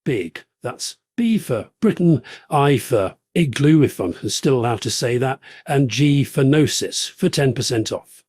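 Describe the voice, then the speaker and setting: Guy doing a smug bragging podcast host, rambly, mid pitch, dry close sound. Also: lively intonation, measured pace, darkish tone, slightly rough, dry recording. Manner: boastful, name-dropping, rambling. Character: pompous jet-setting male podcast host, smug. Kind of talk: satirical podcast parody.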